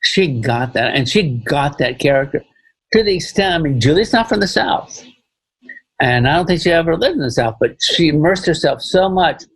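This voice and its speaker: Speaking as a film director in a casual podcast interview, a man rambles and repeats phrases, saying "you know" often. His voice is a little high, expressive, a bit bright and husky at a moderate pace, on a rough recording with no room sound.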